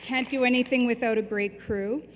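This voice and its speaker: A woman hosting an awards ceremony, speaking warmly with frequent ums as she thanks winners and crew. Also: on the high side, fairly even intonation, moderate pace. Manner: warm, chatty, with frequent ums. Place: large hall at an awards ceremony. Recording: reverberant hall with faint noise.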